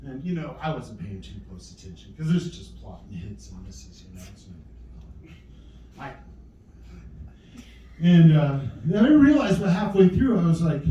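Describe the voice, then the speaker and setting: A middle-aged man doing stand-up in a small club. His voice is mellow and a little high for a man, and his delivery is dry and rambling. It is picked up from a distance in a very echoey room. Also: dull audio. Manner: dry, rambling storytelling with acted quotes. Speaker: stand-up comedian. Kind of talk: stand-up comedy set. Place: small comedy venue with live audience. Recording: echoey room mic from far off.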